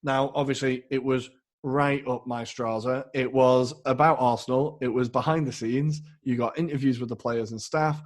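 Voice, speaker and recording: A man's voice: mid-range voice, fairly even intonation, moderate pace. A man co-hosting a casual football podcast, talking with rambling enthusiasm and some self-mockery. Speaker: podcast co-host.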